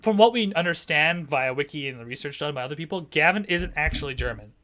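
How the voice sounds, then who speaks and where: A man's voice: on the high side, animated, quick pace, bright, forceful tone. A man streaming a game, reading it aloud and joking casually between lines. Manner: joking, laughs often. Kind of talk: casual gameplay commentary.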